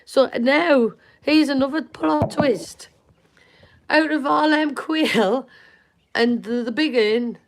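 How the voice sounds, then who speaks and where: A woman's voice: high voice, noisy background. A woman hosting a casual live stream, chatting in a rambling, self-mocking way about her birds. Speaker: livestream host. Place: home with chickens.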